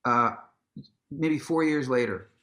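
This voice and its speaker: A musician and author, appearing as a guest in an onstage conversation, slowly tells a long anecdote. He's an animated storyteller, acting out what people said with sudden, big jumps in pitch. Casual and profane, he swears freely and restarts his sentences.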